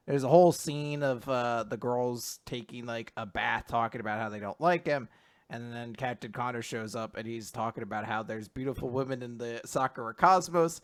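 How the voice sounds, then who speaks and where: A man hosting a casual podcast chat recapping manga, animated, laughing and swearing as he goes. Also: mid-range voice, a little fast. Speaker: podcast host.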